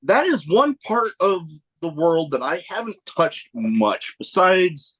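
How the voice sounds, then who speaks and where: A man's voice: high-pitched, very animated, slow pace, a bit bright, husky. A man hosting a podcast, asking questions in a laid-back, easily amused way. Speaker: podcast host. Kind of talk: casual interview chat.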